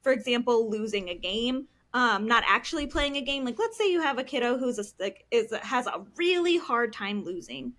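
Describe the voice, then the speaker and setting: A woman's voice: fairly high pitch, lively intonation, normal speed, few pauses, a bit bright. A woman counselor in a casual podcast conversation, explaining parenting strategies with acted-out examples and frequent fillers. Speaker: licensed professional counselor, podcast guest.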